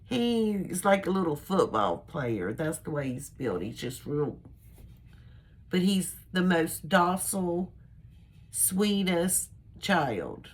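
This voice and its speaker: Slow, low-voiced older woman vlogging. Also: sing-song, breathy edge. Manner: rambling, chatty, homespun. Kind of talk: casual personal chat to camera.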